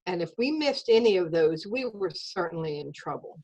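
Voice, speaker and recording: A woman telling a personal story in an earnest, measured way over a video call. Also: fairly low pitch, expressive, darkish tone, rough recording.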